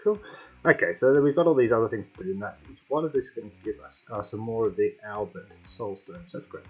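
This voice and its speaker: Here a gaming host talks casually to himself and to the game while playing, in let's-play commentary. His fairly low, slightly rough voice moves fairly quickly with lively intonation, and the slightly dull lo-fi home mic catches faint background music.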